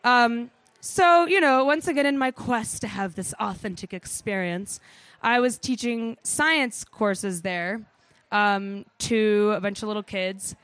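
A woman telling a comic travel story on stage, animated, swearing freely and saying "like" a lot. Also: fairly high pitch, slow, no room sound. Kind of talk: live comedic storytelling.

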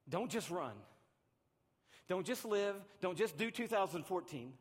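A man preaching a sermon to his church, animated and swinging between loud and hushed delivery, acting out little voices. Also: high-pitched, unhurried, breathy edge. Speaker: pastor. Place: large church hall. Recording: long hall reverb.

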